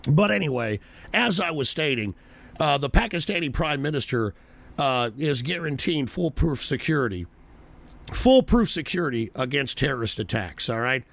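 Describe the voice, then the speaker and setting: A man hosting a live political show, ranting with constant swearing, his voice hoarse and strained. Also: medium pitch, big pitch swings, normal speed, a bit bright. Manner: profane, angry ranting at chat. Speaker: political talk show host. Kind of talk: livestream political rant.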